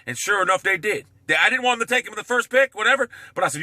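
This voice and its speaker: A man's voice: high voice, lively intonation, very fast, few pauses, sharp tone, no room sound. A man ranting brashly about football on his vlog, swearing often and swinging his voice up and down. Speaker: sports vlogger. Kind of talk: profane sports rant.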